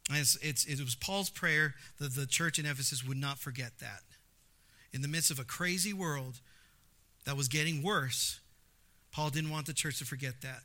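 A male pastor in his thirties delivers a sermon, his voice sitting a bit high with a very bright, forceful edge. He tells stories animatedly, acting out his own exclamations. He stresses key points by repeating phrases. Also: moderate pace. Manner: animated storytelling with acted-out exclamations.

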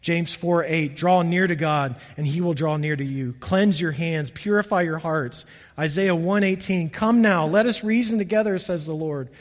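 A middle-aged man preaching a sermon earnestly, often dropping to soft, emphatic lows. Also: a little slow. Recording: long reverb of a church hall.

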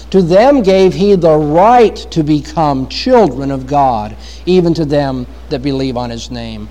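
High-voiced man preaching a sermon. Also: darkish tone, rough recording. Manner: emphatic preaching, rising in force on key points. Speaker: pastor.

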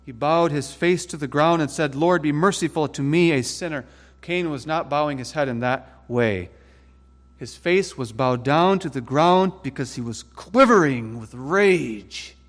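A man's voice: on the high side, animated, long reverb tail. Emphatic, dramatic male preacher. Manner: emphatic, dramatic, swings between slow stresses and quick asides. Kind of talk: sermon.

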